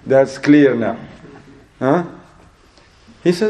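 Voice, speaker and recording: A man giving a religious sermon in English, telling a story and acting out both sides of a conversation in a lively, rising voice. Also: mid-range voice, normal speed, slight background noise. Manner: acts out dialogue in an animated, rising voice; non-native English with Arabic religious terms. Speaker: Islamic preacher.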